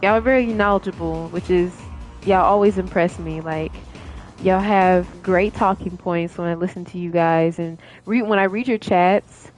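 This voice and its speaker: A woman's voice: fairly low pitch, steady tone, normal speed, darkish tone, faint music behind. A young woman streamer chatting casually with her viewers, laughing often and rambling with many fillers. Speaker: gaming streamer.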